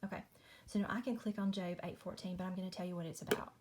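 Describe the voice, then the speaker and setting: A woman's voice: fairly low pitch, fairly even intonation, quick pace, background noise. A woman, chatting casually through a Bible study at home at night, apologetic and friendly, saying y'all. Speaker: Christian video host.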